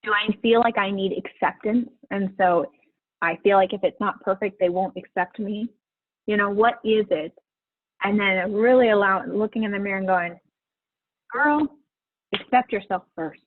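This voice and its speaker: A woman's voice: mid-range voice, steady tone, moderate pace, dry recording. Woman, middle-aged, life coach, casual live-stream talk, encouraging, dry close sound. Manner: chatty, encouraging, laughs often. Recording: husky voice over a tinny phone-like line.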